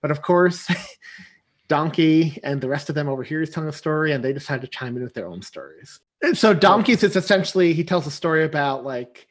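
A man's voice: on the high side, a little fast. A man co-hosting a casual podcast, retelling a film scene by scene with frequent laughter and acted-out quotes. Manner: animated retelling, laughs often, acts out quotes. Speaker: podcast co-host. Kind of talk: casual movie recap chat.

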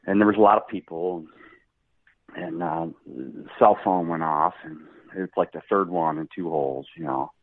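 A middle-aged man, a golf pro guest, telling casual stories with a relaxed, laughing manner. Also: deep voice, moderate pace. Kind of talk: casual storytelling. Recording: tinny phone-like line.

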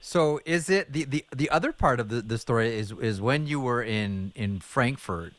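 A man hosting a podcast interview, asking questions with halting restarts. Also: mid-range voice, expressive, a bit bright. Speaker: podcast host. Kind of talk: conversational interview.

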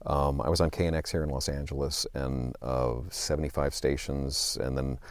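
A man's voice: extremely low pitch, flat delivery, moderate pace, no room sound. A man in his sixties, an interview guest telling stories about his career in a rambling, self-deprecating way. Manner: rambling, self-deprecating, with many fillers and restarts. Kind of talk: conversational interview.

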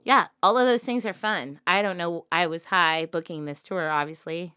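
A woman's voice: fairly low pitch, moderate pace, bright, forceful tone, clean tone, no room sound, studio quality. A woman who is a touring drummer, chatting casually on a podcast, swearing freely and laughing often.

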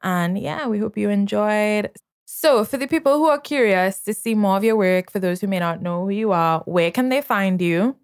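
A woman's voice: medium pitch, animated, moderate pace, clean tone. A woman hosting a podcast in a casual chat, bubbly and full of fillers. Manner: bubbly, filler-heavy, laughs often. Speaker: podcast host.

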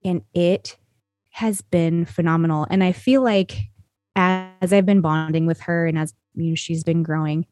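A woman's voice: lowish voice, steady tone, measured pace, darkish tone, no echo, studio quality. A woman talking as a podcast guest, telling stories in an earnest, rambling way full of "you know" and "like". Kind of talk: conversational storytelling.

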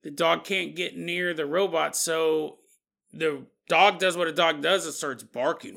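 A man's voice: on the high side, a little slow, gravelly, fairly bright tone. A man hosting a podcast, telling a strange story with jokey asides and frequent chuckles. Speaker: podcast host. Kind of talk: comedic paranormal storytelling.

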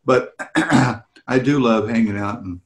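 A man's voice: medium pitch, takes it slowly, roomy sound. A man chatting with a fan on a video call, telling anecdotes with lots of laughter and acted-out voices. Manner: animated, laughs often, acts out voices in anecdotes. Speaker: celebrity hosting fan meet and greets. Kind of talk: casual storytelling chat.

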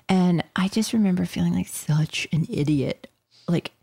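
A woman co-hosting a podcast, chatting casually, animated and quick to laugh. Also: fairly low pitch, creaky, husky. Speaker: podcast co-host. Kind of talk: casual chat.

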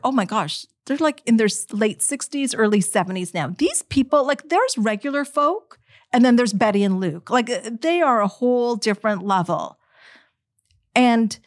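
A middle-aged woman telling her own story to an audience, emotional and animated, speaking straight to her listeners. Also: fairly high pitch, no room sound, studio quality. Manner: animated, emotional, direct address.

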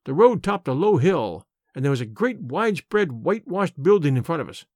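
A man narrating an audiobook in the first person, clear and expressive. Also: a little high, brisk, no echo, clean studio sound.

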